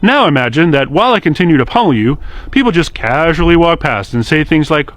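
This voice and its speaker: A man's voice: fairly high pitch, expressive, brisk, fairly bright tone. A man hosting a short explainer video series, talking straight to camera in a direct, earnest and lightly sarcastic way. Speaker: host of a social media series. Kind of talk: scripted explainer monologue to camera.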